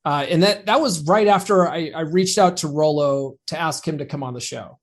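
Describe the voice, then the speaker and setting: A man's voice: a little high, moderate pace. A man hosting a podcast interview, chatting in an easygoing way and laughing often. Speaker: podcast host. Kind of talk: casual interview chat.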